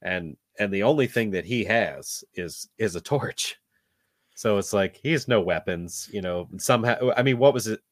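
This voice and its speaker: A man's voice: lowish voice, animated, normal speed, no room sound, studio quality. A man in a casual podcast chat about a film, talking loosely with many fillers and restarts. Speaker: podcast co-host. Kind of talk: casual movie discussion.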